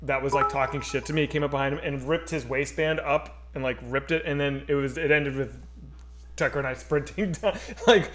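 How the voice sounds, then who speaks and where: Animated man telling stories on a stream. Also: medium pitch, a little fast, soft background music. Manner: animated, acts out quoted voices, swears freely. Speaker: podcast co-host. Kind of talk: casual storytelling chat. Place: home streaming setup.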